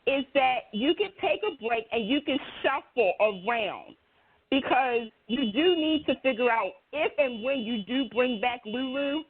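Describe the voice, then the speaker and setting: Woman, high voice, husky, animated and emphatic, casual soap chat, tinny phone-line sound. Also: measured pace. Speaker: co-host.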